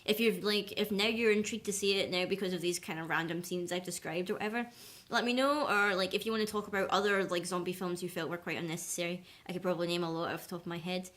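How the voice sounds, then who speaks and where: A woman's voice: fairly low pitch, steady tone, fast talker, fairly bright tone. A woman giving a casual film review vlog, rambling and peppering her talk with "like" and "or whatever". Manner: chatty, rambling, heavy use of "like" and "or whatever".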